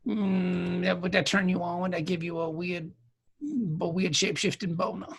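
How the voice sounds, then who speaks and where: A man's voice: fairly high pitch, fairly even intonation, fast, creaky, a bit bright, breathy edge, full character voice. A man doing a swaggering, flirty Odo. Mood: teasing. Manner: boastful, teasing, lazy slang. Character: flirty swaggering male shapeshifter security chief.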